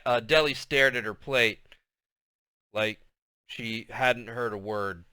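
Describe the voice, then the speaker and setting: Bright, smooth-voiced man reading a chapter book. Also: mid-range voice, dry recording. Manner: recaps with fillers, then reads steadily. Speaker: reader of a children's novel.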